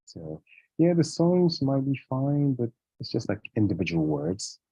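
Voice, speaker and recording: A man chatting casually as an interview guest, relaxed and rambling, with many fillers and restarts. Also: mid-range voice, a little slow, husky, lo-fi sound. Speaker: guest English speaker.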